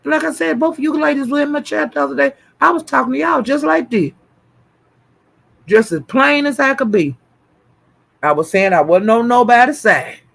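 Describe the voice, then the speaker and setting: A man giving animated, profane livestream commentary, repeating phrases for emphasis. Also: very high voice, normal speed, creaky. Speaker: online commentator.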